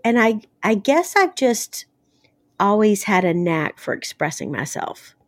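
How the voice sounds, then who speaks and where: A woman's voice: medium pitch, sing-song, measured pace, no room sound, studio quality. A woman from the American South, an author being interviewed, talking casually with blunt, salty humor and lots of fillers. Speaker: author guest.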